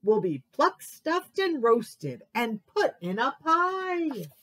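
A woman plays a storybook duck crying out in alarm, her voice pitched high and swinging widely. She talks slowly and dramatically. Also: very animated, a bit bright, no room sound, exaggerated voice. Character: dramatic doom-saying duck.

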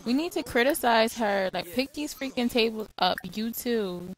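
A woman's voice: on the high side, animated, moderate pace, poor audio. A woman hosting a let's-play, giving casual game commentary in an exasperated, chatty, profane way.

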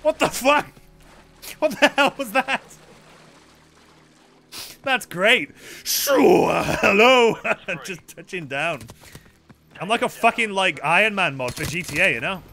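A man's voice: high-pitched, big pitch swings, a little slow, long pauses, sharp tone. A young man streaming a video game with rambling, joking, profane commentary. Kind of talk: casual gameplay commentary.

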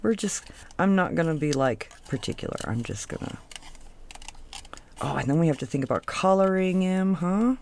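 Woman craft host, low voice with lively swoops, slow and rambling, coos at her materials. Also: creaky, slight background noise. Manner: chatty, thinks aloud, trails off mid-sentence. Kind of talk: casual craft tutorial chat.

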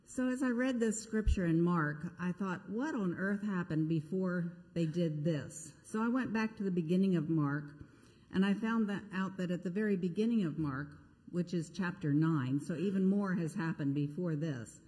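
Woman pastor, chatty sermon storyteller, darker lowish voice, church reverb. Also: moderate pace, mellow. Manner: conversational, self-deprecating storytelling. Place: church sanctuary. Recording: echoey church sanctuary.

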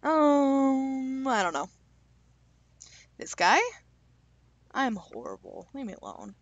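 Young woman, slightly high voice, joking casual vlogger, close dry mic. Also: big pitch swings, dry recording, dull audio. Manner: chatty, self-deprecating, reads questions aloud and answers with quick jokes. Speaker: YouTuber taking online quizzes. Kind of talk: casual vlog commentary.

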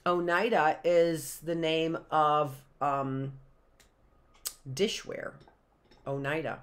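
A woman's voice: low-pitched, little pitch movement, very slow, pauses often. A woman, a teacher reading a picture book aloud to young children on a livestream and wandering into chatty asides and questions.

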